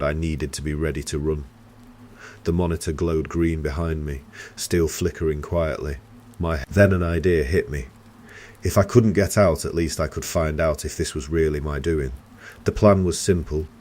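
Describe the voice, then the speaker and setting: A man with an extremely deep, low voice reads a scripted horror story in the first person. His delivery is steady and tense, and a faint hiss of noise sits under the voice.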